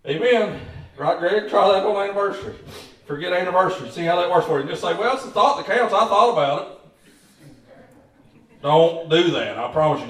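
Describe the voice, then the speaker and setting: Pastor preaching in an echoey hall. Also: male voice, sits high, creaky. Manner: folksy storytelling with emphatic calls to the congregation. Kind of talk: sermon. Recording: echoey church hall, distant mic.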